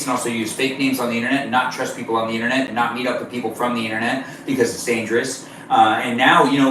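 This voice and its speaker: A man's voice: mid-range voice, a bit bright, far from the mic, a little hiss or hum. A playful, rambling man chats with his viewers while baking on a live stream. His voice sits a little back from the mic in a roomy kitchen, with faint ambience underneath. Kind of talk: casual live-stream chat, reading chat aloud.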